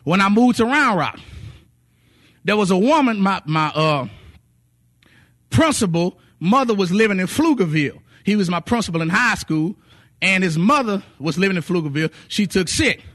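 At a moderate pace and in a high-pitched voice, a man preaches a sermon of testimonies. He acts out what people said, sings some phrases, and tells the stories with animation.

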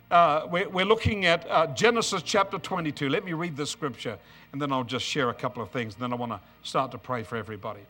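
A middle-aged man preaching a sermon, mixing scripture reading with joking stories about married life. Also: medium pitch. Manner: humorous, storytelling, animated asides.

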